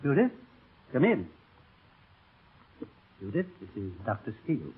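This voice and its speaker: An actor playing an anxious family doctor who pleads urgently, in a 1930s radio drama. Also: male voice, mid-range voice, huge pitch swings, unhurried, slight background noise. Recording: tinny old radio broadcast.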